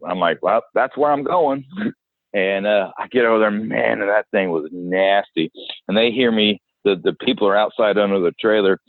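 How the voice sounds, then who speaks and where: A man's voice: fairly low pitch, steady tone, normal speed, no echo. A man co-hosting a podcast, casually telling a gross work story and acting out the quotes as he goes. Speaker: podcast co-host, dead animal removal worker. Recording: dry phone-like line.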